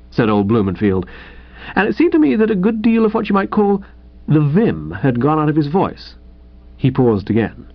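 A man narrating an audiobook in a wry, chatty first-person voice with a lively, swinging pitch. The sound is muffled and lo-fi. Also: normal speed. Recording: dull lo-fi audio.

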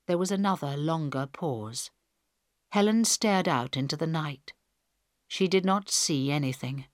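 Slow, measured woman audiobook narrator. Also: low-pitched, lively intonation, dry recording, clean studio sound.

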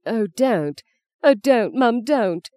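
A woman's voice: low-pitched, moderate pace, warm tone, dry recording, lightly acted. A woman voicing an earnest young man set on becoming a priest, reading him in a heartfelt, pleading way in an audiobook.

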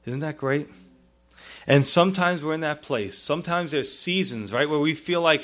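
A man preaching a sermon as a pastor, earnest, with pleading rises and soft low drops, often asking "you see?" and "right?". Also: moderate pace.

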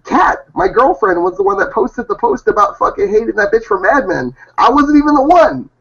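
A man from Hawaii, a hobby rapper, talking loud, brash and profane in a casual interview. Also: high-pitched, very animated, brisk, creaky. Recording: dull lo-fi audio.

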